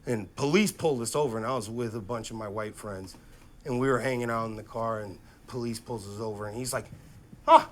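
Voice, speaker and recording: A man doing stand-up comedy on stage, telling animated stories from his life into a handheld mic. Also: lowish voice, a little hiss or hum. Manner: animated, quick to act out quotes. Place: comedy stage before a live audience.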